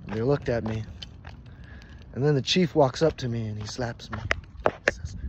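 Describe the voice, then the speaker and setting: A man telling a comic story, acting out each character's lines and breaking into sudden loud outbursts. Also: mid-range voice, animated, normal speed, long pauses. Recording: dull lo-fi recording with faint noise.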